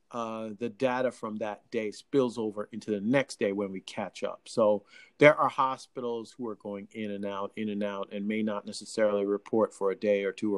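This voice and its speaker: A man with a Jamaican accent, from Jamaica, hosting a live radio talk show; animated, laughing often and stammering through restarts. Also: on the low side.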